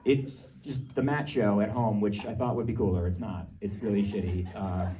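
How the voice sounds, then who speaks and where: A man from Massachusetts doing a stand-up comedy set before a live audience, chatty and riffing, breaking into shouted rants. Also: on the low side, fairly even intonation, normal speed, recorded from a distance.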